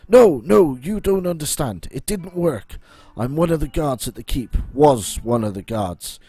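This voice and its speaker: A man's voice: medium pitch, expressive, measured pace, warm tone, slightly rough. A man voicing a frightened male former guard who has fled, reading the lines in a jittery, pleading way.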